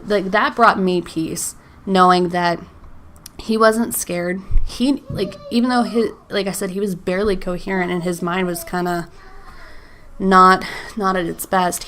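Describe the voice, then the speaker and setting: Her voice is on the low side with a fairly bright tone. She's a woman in her thirties running a solo faith podcast, emotional to the point of near tears, chatting with frequent "like"s and "um"s and laughing between thoughts.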